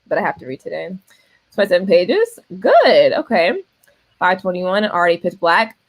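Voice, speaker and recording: A young woman with an East Coast American accent chats on a livestream, teasing herself and laughing often. Her pitch swings widely, and her voice sounds close and dry, with no room echo. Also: big pitch swings, moderate pace. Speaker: readathon co-host. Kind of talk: casual livestream chat.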